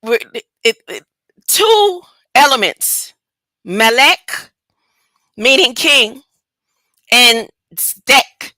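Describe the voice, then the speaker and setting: A woman's voice: fairly high pitch, sing-song, sharp tone, dry recording. A woman teaching a casual Bible study, reading a text aloud and breaking off into chatty asides and rhetorical questions. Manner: drawn-out, stop-and-start delivery. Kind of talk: casual scripture reading with commentary.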